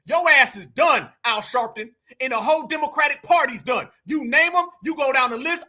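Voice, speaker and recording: A man giving heated, profane reaction commentary and often shouting. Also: very high-pitched, moderate pace, hardly any pauses. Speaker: political commentator reacting to clips.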